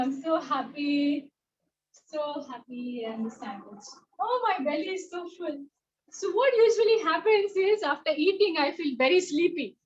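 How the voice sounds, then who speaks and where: High-voiced, animated Indian woman teaching kids. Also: highs cut off. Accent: Indian English. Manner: animated, sing-song and encouraging. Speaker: children's yoga teacher. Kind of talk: playful online kids' yoga class.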